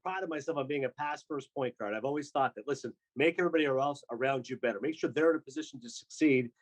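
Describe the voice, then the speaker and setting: Fast-talking animated male broadcaster. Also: mid-range voice, rough recording. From Canada. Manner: fast, animated storyteller with quick asides. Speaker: sports broadcaster guest. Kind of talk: casual podcast chat.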